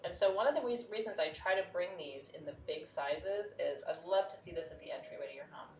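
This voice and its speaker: A woman's voice: lowish voice, quick pace, a little hiss or hum. A woman hosting a live shopping stream, candid and chatty, laughing often. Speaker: host. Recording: roomy, distant mic.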